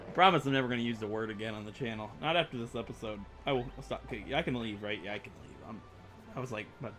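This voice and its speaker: A man's voice: on the low side, racing, music in the background. A young man rambling through let's play commentary, chatty and self-mocking as he plays. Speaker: gaming YouTuber.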